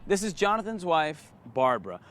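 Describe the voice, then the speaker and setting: A man's voice: fairly high pitch, very animated, normal speed, a bit bright, a little hiss or hum. A man hosting an outdoor sports segment, asking questions with enthusiasm. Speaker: host. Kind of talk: upbeat presenter interviewing. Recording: background music.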